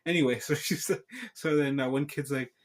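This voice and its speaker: Male channel host, loose rambling review, mid-pitched, jokey asides. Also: fairly even intonation, normal speed. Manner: meandering, self-interrupting, joking asides.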